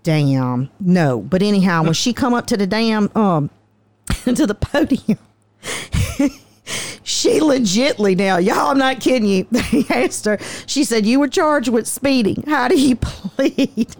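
A woman, telling stories in a lively, profane, folksy way as a guest. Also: fairly high pitch, takes it slowly, no echo. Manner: animated, profane, folksy storyteller. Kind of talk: casual storytelling.

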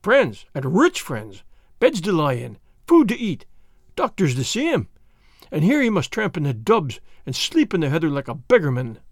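A man voicing a fiery, sly Scottish Highland outlaw in an audiobook, blustering with put-on fury. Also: huge pitch swings, normal speed, no room sound, clean studio sound, exaggerated voice. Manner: blustering, sly, mock-furious. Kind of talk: audiobook character voice.

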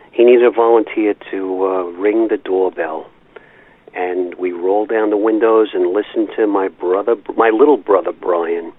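A man's voice: lowish voice, husky, no room sound. An older man leaving a rambling, nostalgic voicemail, chuckling as he tells his stories. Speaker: caller. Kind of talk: voicemail storytelling. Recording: tinny phone-line voicemail.

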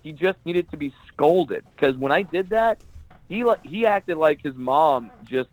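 A man's voice: fairly high pitch, lively intonation, a little slow, low-quality recording. A male stand-up comedian on a podcast interview, casually telling blunt, profane stories and acting out the people he quotes.

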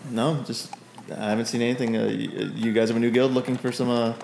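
A man's voice: mid-range voice, little pitch movement, fast, vocal fry, a little mellow, reverberant, slight background noise, close to an everyday voice. A man voicing a chipper young male guild receptionist in a tabletop game. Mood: helpful.

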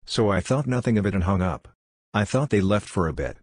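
A man reading a series of short ghost stories aloud in a steady, even storytelling delivery. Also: fairly low pitch, a little fast, husky, dry recording, clean studio sound. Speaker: narrator.

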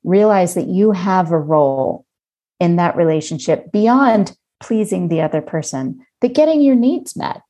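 A woman in her fifties telling a personal story in casual conversation, lively and acting out her own past thoughts. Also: fairly low pitch, measured pace. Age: 50s.

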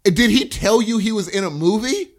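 Excitable high-voiced man. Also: normal speed. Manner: excitable, disbelieving interjections. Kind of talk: casual chat.

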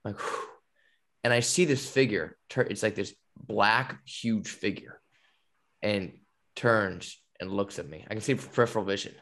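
A young man hosting a podcast, telling a story in a loose, animated way, full of fillers and laughs. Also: lowish voice, moderate pace. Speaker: podcast host. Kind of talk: casual storytelling.

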